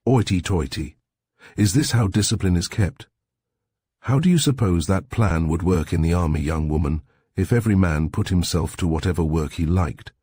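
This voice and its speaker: A man's voice: low voice, normal speed, a little mellow, slightly rough, dry recording, clean studio sound. A man reading the part of an irascible old general who snaps and barks his words. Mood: gruff. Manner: snappish, barking.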